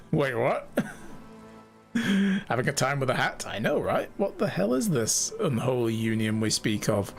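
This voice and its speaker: A man's voice: mid-range voice, normal speed, vocal fry, faint music behind. A man streaming a video game, joking around and reading its lines aloud. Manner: animated, jokey, reads game lines aloud. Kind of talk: let's-play commentary.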